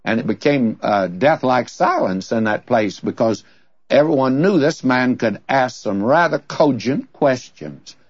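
Husky older preacher, lively delivery. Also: male voice, medium pitch, a little slow, no echo, muffled recording. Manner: storytelling, leaning hard on key words. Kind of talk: sermon.

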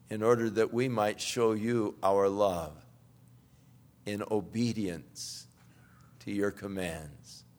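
Slow-speaking man leading prayer. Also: medium pitch. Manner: soft, slow prayer tone, livelier and louder when exhorting. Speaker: pastor. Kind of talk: sermon closing prayer.

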